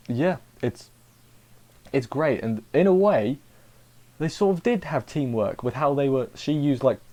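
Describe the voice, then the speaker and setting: A man's voice: medium pitch, warm tone. A young man casually reviewing an anime episode, rambling and chatty, acting out the characters' lines as he goes.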